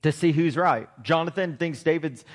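A man preaching a sermon, retelling a scripture story in a lively way and reading verses aloud. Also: on the high side, normal speed.

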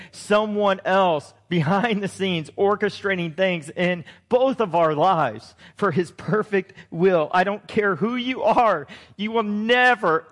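A man in his forties preaching a sermon and telling a personal story in an earnest, emotional way. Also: sits high. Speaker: pastor.

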